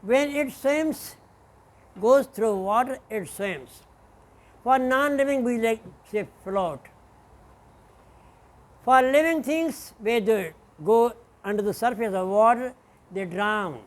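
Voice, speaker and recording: A man lecturing as a professor, speaking deliberately and spelling out example words letter by letter. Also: very high-pitched. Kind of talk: classroom lecture.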